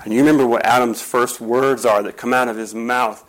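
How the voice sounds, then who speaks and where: A man's voice: mid-range voice, steady tone, a little fast, few pauses, poor audio. A man preaching a sermon as a pastor, telling stories emphatically and asking rhetorical questions.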